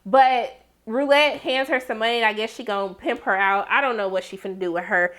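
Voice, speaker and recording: A woman giving a casual, slangy recap and review of a TV episode, breaking into high exclamations. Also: a little fast, fairly bright tone.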